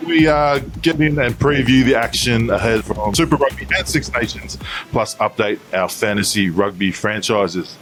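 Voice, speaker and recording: A man's voice: mid-range voice, moderate pace, over music. A man hosting a rugby podcast, running through the show and questioning his co-hosts in an easygoing way, with plenty of fillers. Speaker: podcast host. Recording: audible background noise.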